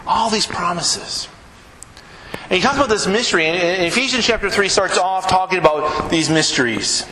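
A man preaching a folksy, animated sermon to his congregation, joking and reading scripture. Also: high voice, moderate pace, echoey room, big-room sound, a little hiss or hum, poor audio. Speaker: pastor. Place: church sanctuary.

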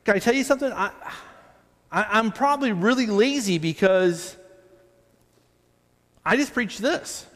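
A man's voice: high-pitched, expressive, a little slow, long pauses, a bit bright. A man preaching a sermon as pastor of a church, talking in a conversational, self-deprecating way with frequent restarts and asides. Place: church sanctuary. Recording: long hall reverb.

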